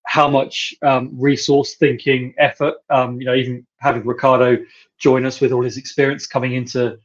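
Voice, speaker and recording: A man's voice: medium pitch, little pitch movement, moderate pace. A man hosting a company podcast, thanking the listeners in a rambling way and saying "you know" over and over. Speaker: podcast host. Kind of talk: podcast interview. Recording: dull lo-fi sound.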